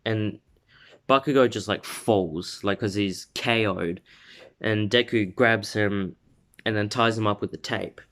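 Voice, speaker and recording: Rambling low-voiced young man. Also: clean tone. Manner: rambling, filled with "like". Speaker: storyteller. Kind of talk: casual fan-story retelling.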